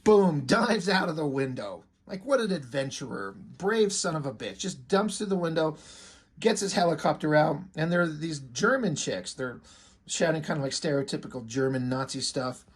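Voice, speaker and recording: A man casually reviewing a comic book, excited, with swearing and many fillers. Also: fairly high pitch, normal speed, husky.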